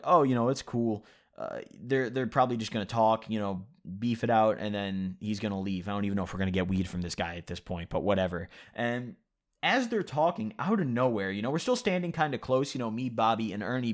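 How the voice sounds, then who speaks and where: A young man vlogging at his computer, telling a loose, profane story in casual chat, full of "you know" and "like". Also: medium pitch. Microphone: computer mic at a desk.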